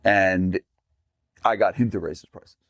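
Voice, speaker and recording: A middle-aged man hosting a casual business podcast, telling animated stories and often repeating words as he starts a sentence. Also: deep voice, measured pace, no room sound. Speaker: podcast host and gym business coach.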